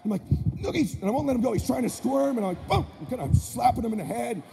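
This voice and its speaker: Gravelly, punchy male storyteller in a hall. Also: extremely high pitch, very fast. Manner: energetic, punchy, animated storytelling. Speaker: motivational speaker. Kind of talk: live storytelling speech. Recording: echoey hall with faint noise.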